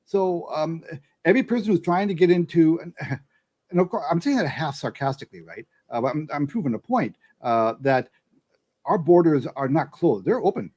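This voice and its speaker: A man talking as a guest in a casual chat, animated and stumbling over restarts as he makes his points. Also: a little high, slightly rough. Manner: animated, halting with stammered restarts. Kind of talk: casual conversational commentary.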